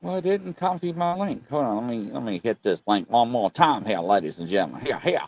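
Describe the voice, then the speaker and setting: A man's voice: medium pitch, expressive, brisk. A man with a Birmingham accent hosting a casual livestream chat, rambling and repeating himself often. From England. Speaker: host.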